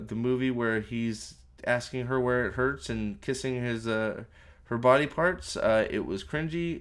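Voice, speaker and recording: A man's voice: mid-range voice, clean tone. A man giving a ranting spoiler review of a movie, sarcastic and exasperated, full of swearing, rambling and restarting his sentences.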